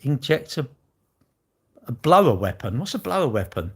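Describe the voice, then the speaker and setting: A man's voice: medium pitch, animated, a little fast, pauses often. A man hosting a casual livestream, talking to his viewers with blunt, cheeky banter and crude swearing. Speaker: livestream host reading viewer chat. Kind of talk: casual live-stream chat.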